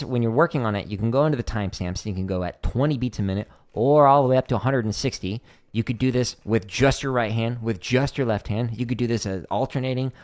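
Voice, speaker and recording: A man hosting a casual drum practice livestream, talking viewers through exercises at an easy pace. His voice sits in a middle pitch, and he fills his explanations with "um" and "like" as he goes. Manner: relaxed, explanatory, many fillers like "um" and "like". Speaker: drum teacher answering chat questions.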